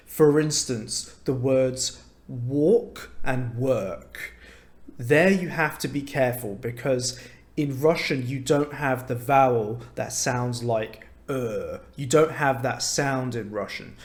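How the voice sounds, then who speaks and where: A young man with an English accent talks through an English lesson at an unhurried, deliberate pace. His voice sits at an ordinary pitch, and his delivery is earnest and open, the tone of a tutor sharing his honest views. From England. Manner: unhurried, earnest, frank opinions. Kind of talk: explanatory video lesson.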